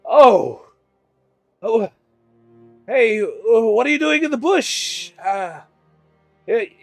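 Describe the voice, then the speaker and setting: A flustered, chatty fellow, played by a man who trips over his words and repeats himself in a fairly high voice. Faint music plays quietly behind him in a dry, close sound. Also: lively intonation, very slow, creaky, no room sound, exaggerated voice. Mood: awkward. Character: flustered, chatty adult man, easily rattled.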